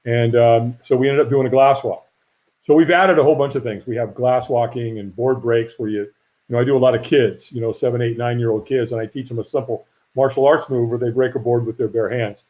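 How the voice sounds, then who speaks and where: A middle-aged man, a firewalk instructor, telling a lively story in a casual interview and acting out the voices of people he quotes. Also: medium pitch, fairly quick. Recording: dull lo-fi audio.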